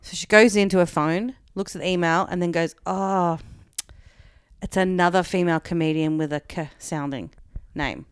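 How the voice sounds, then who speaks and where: A woman's voice: on the low side, normal speed, smooth, dry recording, studio quality. A woman comedian telling a long story in casual chat, full of "like" and acting out the quoted lines. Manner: chatty, peppered with "like", acts out quoted dialogue.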